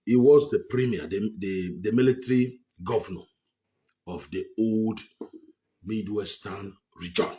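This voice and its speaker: A man's voice: on the low side, a little slow, mellow. A man with a Nigerian English accent giving a heated political monologue, repeating himself for emphasis. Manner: repetitive, emphatic, scornful. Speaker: political commentator.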